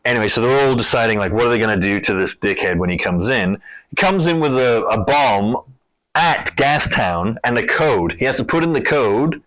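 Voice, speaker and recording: A man's voice: medium pitch, moderate pace. A man casually chatting about a movie he just saw, swearing freely and retelling scenes with energy. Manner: loose, swearing, animated storytelling. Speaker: film review co-host. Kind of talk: casual chat.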